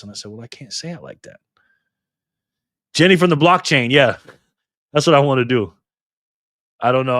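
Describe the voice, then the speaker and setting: Excitable man chatting on a live stream. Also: dry recording, clean studio sound. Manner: excitable, chatty, pitch and volume swinging widely. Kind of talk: casual live-stream chat reading viewer comments.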